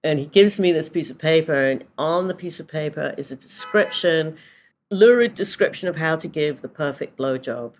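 A woman's voice: low-pitched, lively intonation, normal speed. A British woman from England in her sixties, a photographer telling stories in a casual interview, chatty and full of fillers. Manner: chatty storyteller with many fillers and laughs. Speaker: photographer guest.

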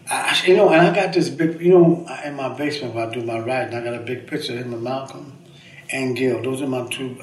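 A man's voice: medium pitch, slight background noise. An older man, a veteran poet, telling rambling, emphatic and profane stories in an interview, often ending his sentences with "man.". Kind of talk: candid interview storytelling. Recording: echoey room, distant mic, faint ambience.

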